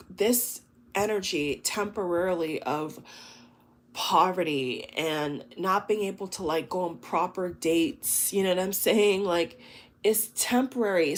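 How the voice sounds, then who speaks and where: A woman giving a collective tarot reading to her viewers, talking in an emotive, chatty way, full of exclamations and fillers. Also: lowish voice. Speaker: tarot reader.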